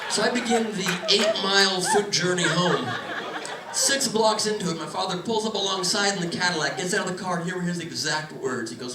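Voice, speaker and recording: A young man telling a stand-up story on a club stage, animated and building to loud punchlines. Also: sits high, heavy background noise. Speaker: stand-up comedian. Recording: echoey club from a distant mic, loud crowd. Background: audience laughter.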